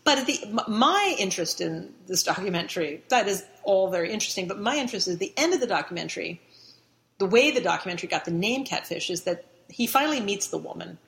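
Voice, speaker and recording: A woman's voice: medium pitch, animated, fast, creaky, fairly bright tone. A middle-aged woman, a guest in an interview, telling a long story casually, rambling with restarts and fillers, sometimes laughing as she talks.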